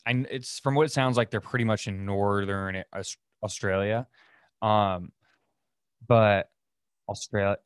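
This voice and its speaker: On this clean studio recording with no room sound, a podcast host with a lowish, clear, resonant voice talks on his own. His casual storytelling wanders, full of fillers and restarts.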